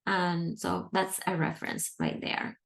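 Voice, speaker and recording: A woman's voice: lowish voice, flat delivery, measured pace, vocal fry. A woman teaching English, reading a book aloud and patiently explaining its grammar and vocabulary step by step.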